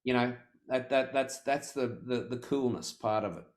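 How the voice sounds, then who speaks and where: A man's voice: mid-range voice, normal speed. A middle-aged man, a podcast guest telling a story in conversation, full of restarts and repeated words.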